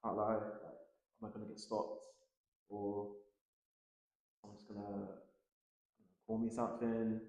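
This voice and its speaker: A man in his thirties, a tennis coach chatting easily as an interview guest, with lots of fillers and quick laughs. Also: fairly low pitch, very echoey, highs cut off. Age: 30s. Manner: relaxed, filler-heavy, laughs often. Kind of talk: casual interview chat.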